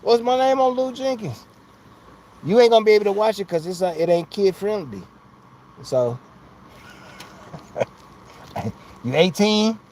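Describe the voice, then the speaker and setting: A man's voice: high voice, unhurried, long pauses, a little mellow, slight background noise. A man hosting a casual live stream from outside his home, talking into a phone in a rambling, slangy way and laughing often. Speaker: livestream host.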